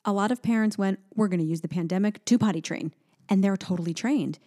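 A woman in her thirties co-hosts a casual chat, telling lively everyday stories. She slips into quick voiced quotes as she goes, and sounds a bit sleepy. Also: medium pitch. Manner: chatty, animated storytelling with voiced quotes. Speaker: podcast co-host and mother.

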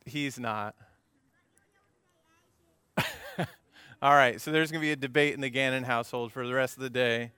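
Bright, clear-voiced man preaching. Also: medium pitch, normal speed, long pauses, no room sound, studio quality. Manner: lively storytelling with asides to the congregation. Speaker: pastor. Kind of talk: conversational sermon. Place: church service before a congregation.

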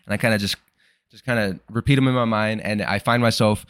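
Man, young adult, low voice, dry close sound, casual rambling podcast monologue, profane, self-deprecating. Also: steady tone, a little fast, a bit bright, clean tone, dry recording. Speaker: podcast host.

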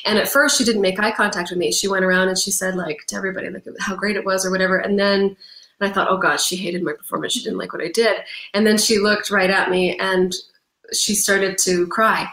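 Animated Canadian woman in a roomy space. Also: mid-range voice, brisk. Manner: animated storyteller, laughs often, acts out quoted lines. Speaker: musical theatre actress, guest. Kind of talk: casual interview chat.

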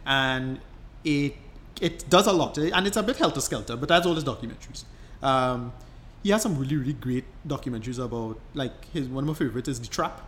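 A man's voice: medium pitch, brisk, a bit bright, slight background noise. A man co-hosting a podcast, explaining at length in casual chat, rambling and restarting his sentences. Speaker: podcast co-host.

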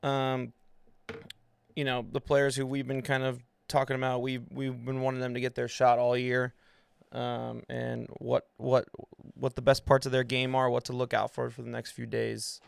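Gravelly, smooth-voiced podcast host. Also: male voice, mid-range voice, completely flat delivery, normal speed, no room sound. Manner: loose, rambling, with many fillers. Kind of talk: casual chat.

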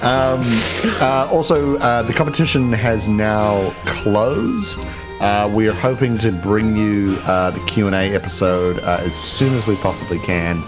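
Man, podcast host, casual outro, rambling, low voice, music behind. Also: measured pace. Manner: rambling, many "uh" fillers. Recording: clear music bed behind.

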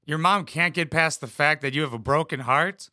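A man's voice: fairly high pitch, moderate pace, bright, forceful tone, soft background music. A young man making crude, sarcastic jokes as he comments on a reality show clip. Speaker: reaction commentator.

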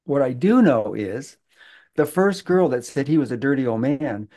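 A man speaking as a guest, telling a story in a halting way with many fillers and restarts. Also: mid-range voice, expressive, mellow. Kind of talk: conversational storytelling.

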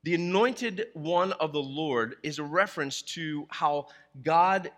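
A man's voice: on the high side, takes it slowly, a bit bright, big-room sound. A middle-aged man preaching a sermon as pastor, conversational and emphatic, often restarting his phrases.

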